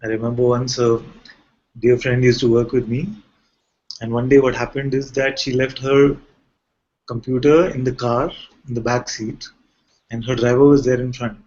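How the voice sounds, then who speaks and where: A man's voice: medium pitch, little pitch movement, normal speed, pauses often, darkish tone. A man who is a spiritual teacher, giving a conversational talk to a gathering and often asking rhetorical questions. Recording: muffled lo-fi recording.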